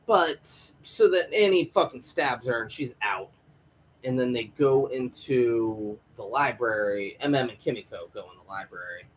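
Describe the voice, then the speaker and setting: A man recapping a TV episode in a casual, animated way, swearing a lot and acting out the characters' lines. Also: medium pitch, unhurried, a little hiss or hum, low-quality recording. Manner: animated, profane storytelling with acted-out quotes. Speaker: show reviewer.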